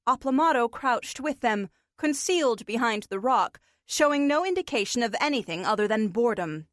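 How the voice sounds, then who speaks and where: A woman narrating a fantasy audiobook in a measured, expressive way. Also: a little high, no room sound, clean studio sound. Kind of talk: scripted fiction narration.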